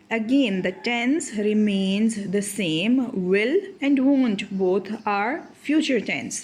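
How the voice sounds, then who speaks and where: Woman, grammar lesson, slow measured delivery, slightly high voice, careful explaining. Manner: slow, deliberate explaining with examples. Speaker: English teacher. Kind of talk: grammar lesson over slides.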